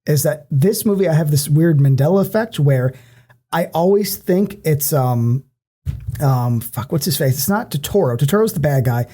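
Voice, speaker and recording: A man co-hosting a podcast, chatting casually about movies in an animated way, swearing freely and restarting often. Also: on the high side, moderate pace. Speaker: podcast co-host. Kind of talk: casual movie-discussion chat.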